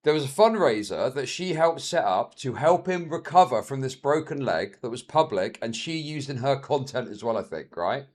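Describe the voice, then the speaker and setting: A man streaming, reacting to a video with crude, sarcastic commentary that swings between mutters and loud outbursts. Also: medium pitch, expressive, normal speed, few pauses.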